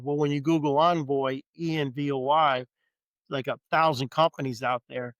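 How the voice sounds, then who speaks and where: A man's voice: mid-range voice, fairly even intonation, normal speed, a bit bright, no room sound. A middle-aged man with a New Orleans accent, a podcast guest chatting casually and telling stories with easy humor. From New Orleans, Louisiana. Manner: easygoing storyteller, joking. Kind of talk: casual chat.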